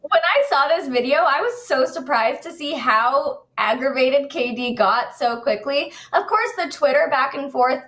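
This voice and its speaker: A woman's voice: high voice, lively intonation, moderate pace, hardly any pauses, fairly bright tone. A woman co-hosting a sports talk show, casual and thoughtful, lightly amused as she gives her take. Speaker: show co-host. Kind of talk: sports commentary chat.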